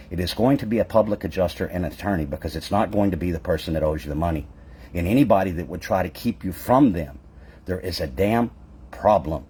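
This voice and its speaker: A man's voice: low-pitched, mellow, slightly rough. A man who owns a public adjusting business, speaking straight to his audience in a fervent address full of rhetorical questions. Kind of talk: impassioned direct-to-camera address.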